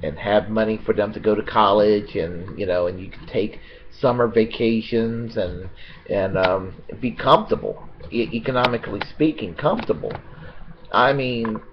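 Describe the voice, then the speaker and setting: An American man giving a rambling, unscripted political monologue, halting with many fillers and restarts and blunt with profanity. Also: fairly low pitch, muffled recording, a little hiss or hum. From United States.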